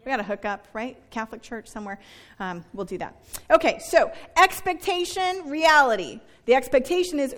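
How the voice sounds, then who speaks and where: A woman pastor in middle age delivers her sermon in a high, light voice. She is conversational and self-deprecating, often turning to the congregation with a quick "right?". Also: sing-song, fairly bright tone, big-room sound. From Northern California. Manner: chatty and self-deprecating, with frequent "right?" asides.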